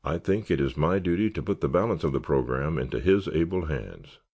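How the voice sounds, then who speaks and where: A genial male scoutmaster, voiced by a male audiobook narrator, delivers an earnest, oratorical speech. The voice is very deep with a gravelly edge, and the pitch rises and falls in lively swings as he rallies his listeners. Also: brisk, exaggerated voice. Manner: earnest, oratorical, rallying cheers. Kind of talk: audiobook character reading.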